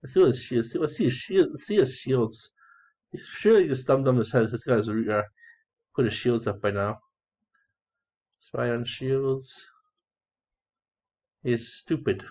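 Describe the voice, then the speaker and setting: A man's voice: medium pitch, a little slow, pauses often, a little mellow. A man casually talking through his online strategy game, rambling, repeating phrases, swearing and giggling as he goes. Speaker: gamer narrating his play. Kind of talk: casual gameplay commentary. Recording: dull lo-fi sound.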